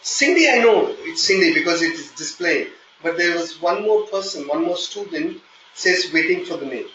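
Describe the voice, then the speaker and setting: A man with an Indian accent teaching a live online software testing class, explaining step by step and checking in with "okay?". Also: fairly high pitch, expressive, moderate pace, echoey room, highs cut off, slight background noise. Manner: explanatory, repeats "okay?" often, hesitant fillers when flustered. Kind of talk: live online training session.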